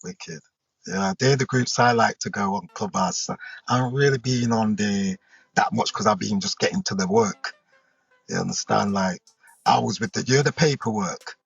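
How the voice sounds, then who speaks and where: A British man tells a long story in an animated, rambling way, often pausing to check that the listener is following. His voice is gravelly and husky, and he sounds close and dry. The sound is lo-fi, with faint music behind him. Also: lowish voice, no room sound. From United Kingdom. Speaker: guest, hip hop artist. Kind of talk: casual storytelling interview.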